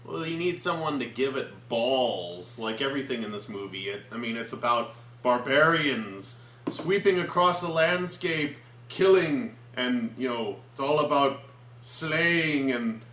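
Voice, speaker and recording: A man co-hosting a casual film review, halting and flustered as he searches for words. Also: medium pitch, lively intonation, fairly bright tone, echoey room.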